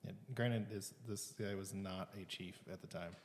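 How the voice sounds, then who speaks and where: A man co-hosting a casual podcast, dropping dry, quick quips and asides. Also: deep voice, fairly even intonation, in a large hall. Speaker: podcast co-host. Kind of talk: casual chat.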